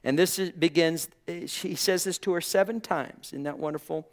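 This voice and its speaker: A man preaching a sermon, his delivery swinging from quiet musing to loud fervent exclamations, with frequent amens and praise interjections. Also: fairly high pitch, normal speed. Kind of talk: sermon, Bible teaching.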